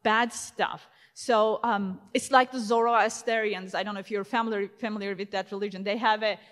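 A woman's voice: mid-range voice, steady tone, moderate pace, a bit bright. A woman in her thirties giving a conference talk in a casual, conversational way, full of fillers and restarts. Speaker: conference speaker. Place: large conference hall. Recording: long hall reverb.

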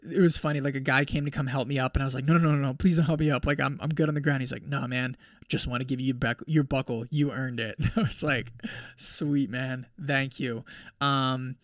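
A young man hosts a podcast and tells a race story in a loose, chatty way, full of filler words. His voice sits fairly high for a man, and the sound is close and dry with no room around it. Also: dry recording. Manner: animated, heavy use of "like". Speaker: podcast host. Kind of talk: casual storytelling recap.

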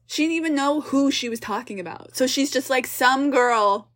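A young woman co-hosting a casual film review chat, animated and exasperated, swearing casually as she picks apart the plot. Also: sits high, a little fast. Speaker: podcast co-host.

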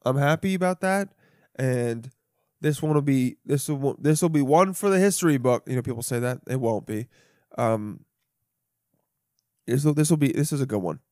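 A man's voice: mid-range voice, moderate pace, pauses often, a little mellow, no room sound, clean studio sound. A young man hosting a solo podcast, rambling and swearing freely, with self-mocking asides. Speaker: podcast host. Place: home.

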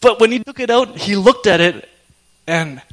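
Bright-voiced man preaching with animated storytelling. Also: high voice, moderate pace. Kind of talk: sermon with personal story.

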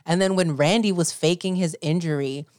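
A woman co-hosting a podcast in casual chat, talking in an animated, gushing way and filling her speech with "like", slipping into now and then. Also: lowish voice, normal speed, no echo, studio quality. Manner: animated, gushing fan talk with filler "like". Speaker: podcast co-host.

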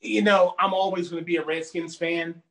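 High-voiced man from Virginia, emphatic, animated casual storyteller. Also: moderate pace. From Virginia, United States. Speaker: podcast guest. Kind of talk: casual chat.

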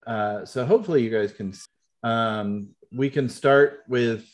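A man's voice: mid-range voice, measured pace. A man running a tabletop game as game master, explaining rules patiently with lots of fillers.

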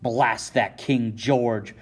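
A man voicing an angry colonial merchant who shouts his indignation. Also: medium pitch, fairly even intonation, drawn-out words, husky. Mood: furious. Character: furious colonial merchant man, hot-tempered rebel.

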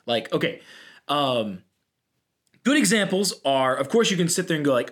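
A young man co-hosting a podcast, chatting casually and telling a story with lively slips into put-on voices. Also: a little high, moderate pace, pauses often. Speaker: podcast co-host. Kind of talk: casual chat.

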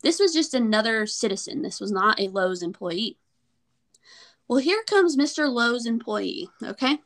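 Young woman co-host, fairly high voice, animated and exasperated storyteller. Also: normal speed. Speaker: podcast co-host. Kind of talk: storytelling in casual chat.

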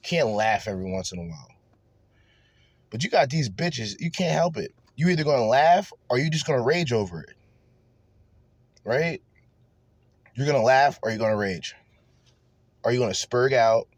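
A man's voice: medium pitch, expressive, moderate pace, pauses often, no room sound. A man hosting a reaction commentary show, ranting crudely and mockingly with lots of profanity. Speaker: commentary podcast host.

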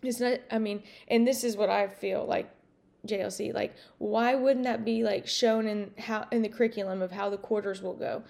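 A woman's voice: mid-range voice, steady tone, normal speed, creaky, a little mellow. A woman hosting her podcast in a casual monologue, rambling and outspoken, swearing freely. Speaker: podcast host.

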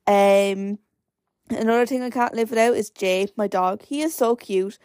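A woman's voice: medium pitch, moderate pace, darkish tone, no room sound, studio quality. A nineteen-year-old Irish woman hosting her own podcast, rambling casually with lots of fillers. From Ireland. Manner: rambling, chatty, many "like" fillers. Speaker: podcast host. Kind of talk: casual solo podcast chat.

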